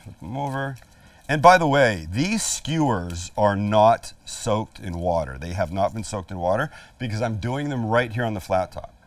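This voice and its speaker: This is a middle-aged cooking show host at an outdoor flat-top grill, talking the viewer through each step in a chatty, joking way. His voice is lowish with lively intonation and a moderate pace, free of echo. Food sizzles faintly on the grill, and he's a little far from the microphone.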